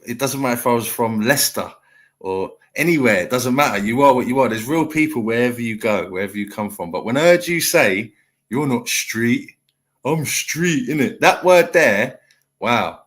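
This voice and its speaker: A middle-aged man hosts a heated live panel, blunt and lecturing. He repeats his points over and over, steady and mid-pitched. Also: a little fast. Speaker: live stream panel host.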